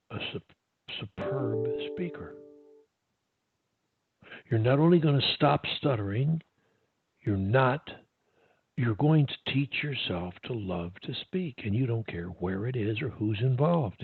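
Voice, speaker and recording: Husky male speech coach on a tinny line. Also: medium pitch, expressive, slow pace, pauses often, dry recording. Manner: upbeat, repetitive, pep-talk delivery. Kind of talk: one-on-one coaching over a call.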